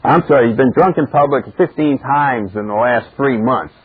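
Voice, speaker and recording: A stern small-town judge lays down the law slowly and firmly, as a male storyteller puts him on. The voice sounds slightly husky. It comes through a tinny, phone-like tape recording. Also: mid-range voice, lightly acted. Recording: narrow phone-like cassette recording of a live talk.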